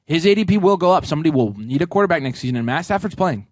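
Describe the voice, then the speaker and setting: A man co-hosting a casual talk show, giving emphatic, rapid advice. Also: on the high side, expressive, no room sound, clean studio sound. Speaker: podcast co-host. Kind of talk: casual chat.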